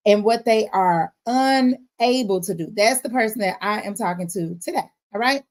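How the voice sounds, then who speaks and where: A woman giving a casual faith-based motivational talk, expressive and often checking in with her listeners. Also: medium pitch, a little fast, hardly any pauses. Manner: expressive, frequent "all right?" check-ins.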